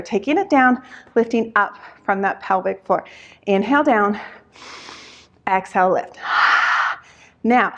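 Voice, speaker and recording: A young adult woman instructor talking through a Pilates workout while doing it, out of breath, counting reps with sighs between them. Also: fairly high pitch.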